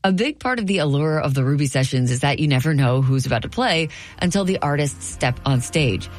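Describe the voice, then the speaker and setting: A woman reporter giving measured, scripted narration for a feature segment. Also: deep voice, animated, no echo, clean studio sound, soft background music.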